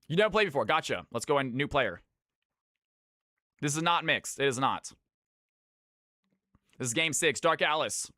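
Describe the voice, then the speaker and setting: A man from California hosting his stream's viewer games, chatting casually with his viewers, brisk and swearing freely. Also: on the high side, expressive, pushed and bright, no echo, studio quality. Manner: brisk, swears, talks to chat. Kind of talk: casual live-stream chat.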